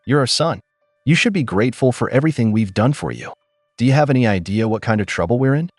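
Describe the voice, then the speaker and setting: A man voicing a frantic, guilt-tripping middle-aged mother with a shrill, pleading manner. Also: lively intonation, fast, a little mellow, no room sound, clean studio sound, lightly acted. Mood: indignant.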